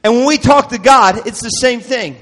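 A man giving a playful, call-and-response children's sermon at a church youth night, teasing and animated. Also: very high-pitched, moderate pace. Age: adult. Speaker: children's minister. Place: church youth event hall. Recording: echoey hall reverb.

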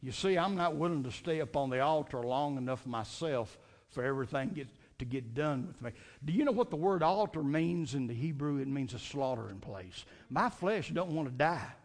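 A man's voice: fairly high pitch, animated, moderate pace, hardly any pauses. A man preaching a fervent Sunday night sermon, repeating and restarting phrases as he builds his points.

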